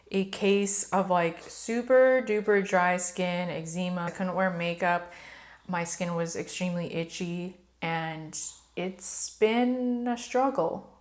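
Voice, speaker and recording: A woman beauty vlogger chatting casually and upbeat to her viewers, with frequent fillers. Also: mid-range voice. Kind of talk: casual haul vlog talk.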